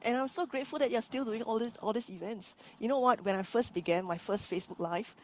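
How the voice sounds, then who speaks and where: A woman from Singapore, a business coach telling her story as a guest in a live-streamed interview, earnest and animated, often restarting her sentences. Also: a little high, fast, a little hiss or hum.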